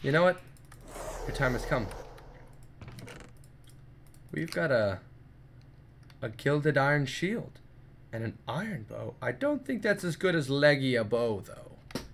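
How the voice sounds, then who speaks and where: A man commenting on his gameplay, jumpy and excitable, yelping and making sound effects in fights. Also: mid-range voice, slow, vocal fry, pauses often, slight background noise. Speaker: let's play gamer.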